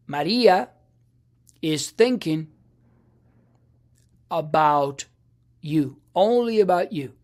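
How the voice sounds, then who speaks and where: A man teaching a lesson, patient and halting, often restarting a phrase and checking in with the listener. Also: fairly high pitch. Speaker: language teacher. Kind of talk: explaining a lesson.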